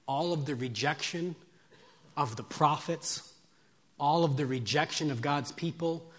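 A male pastor delivers a sermon with a fairly high voice. He swings from loud, emphatic declarations down to hushed, near-quiet lines. The sound carries a long reverb from the church hall. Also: a little slow.

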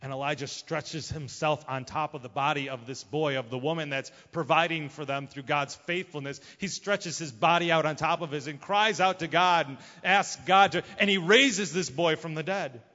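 A man preaching a sermon, retelling a Bible story in an animated way and acting out the characters' lines. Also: on the high side, moderate pace, few pauses. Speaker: pastor. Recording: muffled sound with long hall reverb.

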